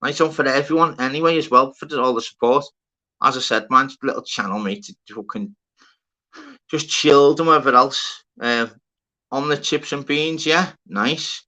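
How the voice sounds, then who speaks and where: Chatty man, very bright voice. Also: medium pitch, normal speed. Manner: chatty, swears freely, greets viewers by name. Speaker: livestream host. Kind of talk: casual live-chat banter.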